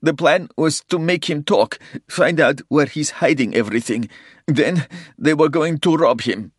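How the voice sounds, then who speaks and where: A man's voice: a little high, lively intonation, normal speed, fairly bright tone, slightly rough, dry recording, clean studio sound, voice pushed up. A man voicing a wounded Russian agent who pleads and sobs under interrogation. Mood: terrified pleading. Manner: sobbing, pleading, gasping in pain. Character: wounded, terrified male Russian agent captive.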